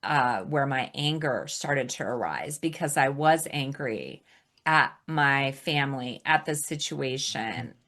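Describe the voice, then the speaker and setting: A woman's voice: rumbling low, animated, slow, a bit bright. A woman from Alaska talking as a podcast guest, reflective, often laughing as she speaks. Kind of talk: casual conversation.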